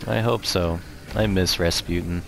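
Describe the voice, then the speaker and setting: A man's voice: deep voice, fairly even intonation, a little slow, vocal fry. A man casually commentating while playing a video game, joking and irreverent, swearing now and then. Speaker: gamer commentating play. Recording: noisy stream audio.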